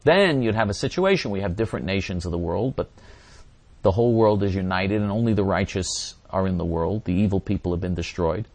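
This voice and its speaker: A man's voice: sits low, expressive, brisk, darkish tone. A man giving impassioned religious teaching and answering viewer questions, repeating phrases and acting out quoted voices.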